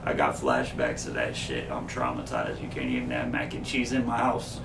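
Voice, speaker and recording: A man's voice: a bass voice, sing-song, normal speed, vocal fry, reverberant, distant mic, noisy background. A man hosting a podcast, chatting crudely and swearing constantly, with bursts of silly voices. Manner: swears constantly, jumps into silly put-on voices while telling stories. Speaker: podcast host. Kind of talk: crude casual chat.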